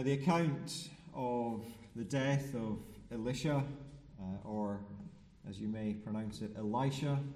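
A man preaching a sermon in a church, reading scripture aloud and then explaining it in a measured, solemn way. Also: mid-range voice, warm tone, distant mic. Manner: slow, measured, solemn delivery. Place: church sanctuary. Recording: reverberant church hall.

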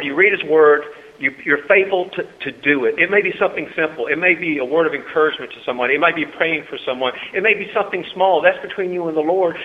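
A man preaching a sermon to a congregation, swinging between soft asides and loud, high-pitched exhortation and calling for amens. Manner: talks with the congregation, calls for amens. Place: church hall. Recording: tinny phone-like recording in a reverberant hall.

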